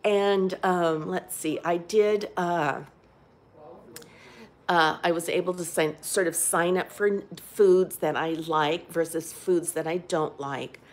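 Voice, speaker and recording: A woman's voice: on the low side, slow pace. An older woman telling a candid, rambling personal story in a casual video diary, talking from a rehab facility. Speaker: vlogger.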